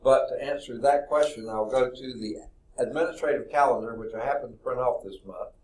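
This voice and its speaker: This math lecture comes from a man with a mid-range, darkish voice who speaks a bit quickly. Thinking aloud in the classroom, he wanders from point to point and keeps dropping okays.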